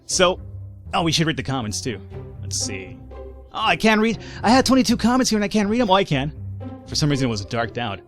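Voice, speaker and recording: A man's voice: fairly high pitch, very animated, fairly quick, a bit bright, faint music behind. A man giving casual, sarcastic let's-play commentary, rambling and swearing freely. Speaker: gameplay commentator.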